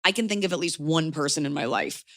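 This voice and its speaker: A woman's voice: deep voice, fast talker, vocal fry, fairly bright tone, dry recording, clean studio sound. A woman in her thirties hosting an advice podcast, talking bluntly and acting out quoted voices. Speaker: podcast host giving advice. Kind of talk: casual advice chat.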